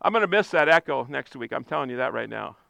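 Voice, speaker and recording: A man preaching a sermon with passion, using repeated phrases and sudden shouted bursts. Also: medium pitch, expressive, fast, vocal fry, no echo, low-quality recording. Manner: impassioned preaching, repetitive cadences, bursts of shouting. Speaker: pastor.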